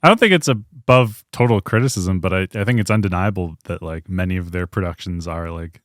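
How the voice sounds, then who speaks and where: A man's voice: sits low, brisk, a bit bright, no room sound, clean studio sound. A man co-hosting a podcast in casual chat, enthusiastic and teasing. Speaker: podcast co-host.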